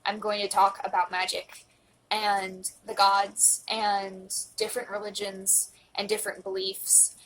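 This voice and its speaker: A woman's voice: mid-range voice, level tone, unhurried, a bit bright, a little hiss or hum, rough recording. A woman in her twenties speaking earnestly into a phone in a personal confessional vlog, emotional and close to tears, at times dropping to a whisper. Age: 20s. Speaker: vlogger.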